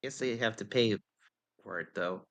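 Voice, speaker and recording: A man's voice: lowish voice, normal speed, vocal fry, a bit bright. A man playing in a tabletop game, speaking casually and a bit hesitantly, with many fillers. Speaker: player. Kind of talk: casual table chat in character.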